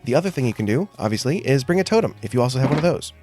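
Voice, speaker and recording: A man's voice: mid-range voice, lively intonation, very fast, warm tone, soft background music. Chatty man narrating his gameplay. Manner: chatty, self-joking, thinking aloud. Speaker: gaming video host. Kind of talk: casual gameplay commentary.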